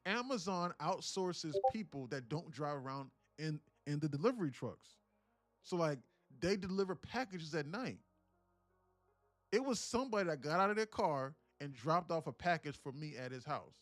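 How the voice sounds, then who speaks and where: A young man hosting a live day-trading stream, talking casually and telling stories in animated, profane slang. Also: a little high, normal speed, no echo, faint music behind. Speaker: day-trading livestream host.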